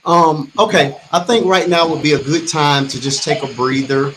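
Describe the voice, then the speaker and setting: Man hosting a livestream interview, gentle, stammering, slightly high voice, faint background noise. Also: moderate pace, low-quality recording. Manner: gentle, reassuring, stammers at starts. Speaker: interview host.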